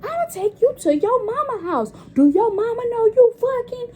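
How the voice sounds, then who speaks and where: Brief: a woman putting on an irate middle-aged auntie, shrill and high-pitched, cursing and yelling. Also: sing-song, normal speed. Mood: furious. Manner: shouting, cursing, outraged.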